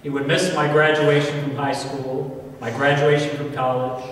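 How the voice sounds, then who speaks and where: Earnest priest in echoing church. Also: male voice, mid-range voice, flat delivery, a bit bright, a little hiss or hum. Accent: American. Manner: earnest, slow storytelling with emphatic pauses. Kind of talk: personal homily. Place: large church. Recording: echoey church hall from far off.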